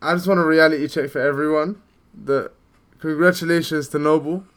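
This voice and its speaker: A man co-hosting a podcast in casual sports chat, teasing, laughing loudly and often calling people bro. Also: fairly high pitch, steady tone, fairly quick. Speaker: podcast co-host.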